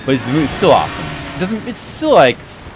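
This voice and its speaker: Rambling animated man gaming. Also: a little high, fast talker, over music. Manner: rambling, animated, mocking movie scenes. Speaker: streamer playing a game. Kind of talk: casual chat while gaming. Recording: noisy background.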